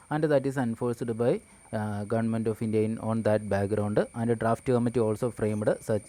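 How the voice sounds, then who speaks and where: A man with a Kerala English accent giving an explanatory lecture. He talks haltingly, with frequent pauses and restarts. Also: on the low side, mellow.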